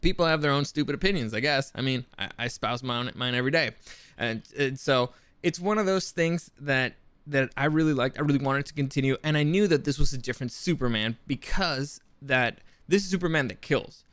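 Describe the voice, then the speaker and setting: A man's voice: mid-range voice, fairly quick, fairly bright tone, clear, resonant tone, no echo. A man hosting a podcast, giving casual commentary in a rambling way, with lots of restarts and the odd curse. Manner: rambling with frequent restarts and profanity. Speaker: podcast host.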